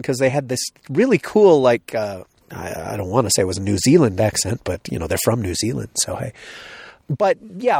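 A podcast co-host talking casually outdoors, rambling with frequent restarts. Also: male voice, mid-range voice, darkish tone, breathy edge, no room sound, studio quality. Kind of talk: casual chat. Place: outdoors on a hill.

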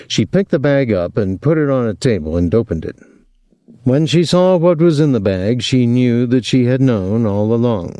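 A man narrating a novel as an audiobook, reading in a measured, expressive way. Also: fairly low pitch, dry recording, studio quality. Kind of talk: scripted narration.

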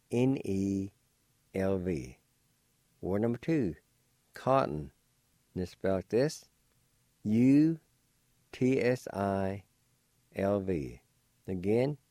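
An older man leads a vocabulary lesson at a very slow, deliberate pace, repeating each syllable. His voice is low and mellow. The room sound is dry and close. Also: no room sound. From Cherokee Nation, Oklahoma. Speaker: language teacher.

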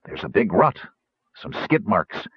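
A man's voice: deep voice, big pitch swings, unhurried, breathy edge, no echo, lo-fi sound, exaggerated voice. A man voicing a bewildered male gnome pilot who talks in a puzzled, matter-of-fact way.

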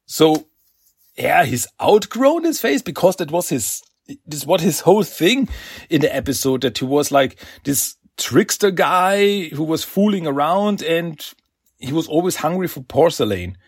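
A man's voice: fairly high pitch, a little slow, slightly rough, dry recording, clean studio sound. A man hosting a podcast, casually recapping a comic with lots of fillers and laughs. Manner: animated, filler-heavy, laughs often. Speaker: podcast host.

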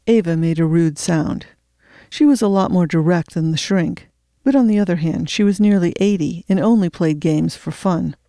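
A woman narrating an audiobook in a steady, measured storytelling voice. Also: fairly low pitch, no echo, clean studio sound.

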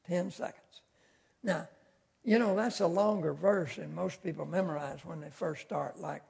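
A man's voice: a little high, unhurried, creaky, a little mellow, husky. An older man teaching a Sunday school class in a folksy, conversational way, with homespun asides. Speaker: Bible teacher.

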